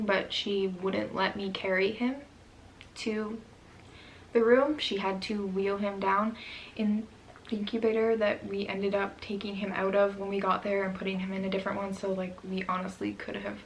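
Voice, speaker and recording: A young woman telling her story straight to camera, candid and emotional, filling gaps with "um" and "like". Her voice has a gravelly fry, and a faint hiss sits under the recording. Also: medium pitch, fairly even intonation, moderate pace, poor audio. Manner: emotional, candid, many fillers. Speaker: vlogger. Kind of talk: personal storytime vlog.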